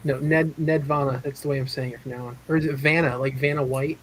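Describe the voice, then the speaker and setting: A man's voice: medium pitch, fast, poor audio. Easygoing man with faint line noise. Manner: relaxed, agreeable, hesitant starts. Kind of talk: casual chat.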